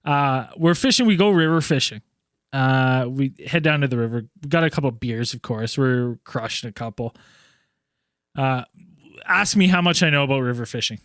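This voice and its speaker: A man hosting a casual podcast, telling a story in an animated way with lots of swearing. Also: medium pitch, moderate pace, clear, resonant tone, no room sound, clean studio sound. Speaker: podcast host.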